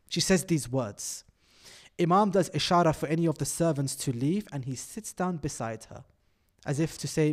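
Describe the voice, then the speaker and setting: A man with a high voice delivers a mourning sermon. He recounts dialogue in a hushed, grieving tone that swells into an impassioned plea. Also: animated, fairly quick. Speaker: preacher.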